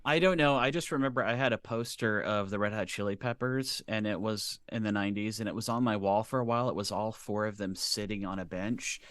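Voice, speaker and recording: A low-pitched man chatting as a guest author, animated and storytelling, acting out bits of dialogue. His voice is close and dry, with no room sound. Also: brisk, few pauses, clear, resonant tone, dry recording. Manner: animated storyteller, acts out quotes. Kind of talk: casual chat.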